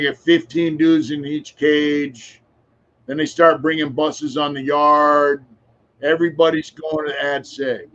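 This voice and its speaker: In a slightly high voice, a man of about sixty guests on a podcast, telling lengthy, casual, rambling stories frankly, with lots of filler phrases and occasional cursing. The recording's high frequencies are cut off.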